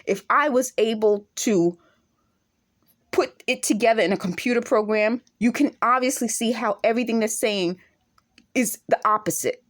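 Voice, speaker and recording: This accented woman vlogger has a slightly high voice and speaks at normal speed. Her to-camera rant is indignant, packed with pointed rhetorical questions.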